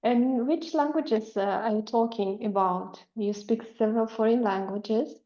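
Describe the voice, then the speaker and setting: A woman language coach asking measured questions in a coaching session. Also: on the high side, mellow, muffled recording.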